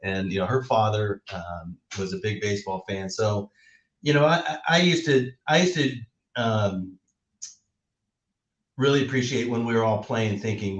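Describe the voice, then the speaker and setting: A man's voice: lowish voice, moderate pace, roomy sound, muffled recording. A man, a former baseball player, telling family memories as a radio guest in a reflective way. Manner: reflective storytelling with laughs. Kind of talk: casual radio interview.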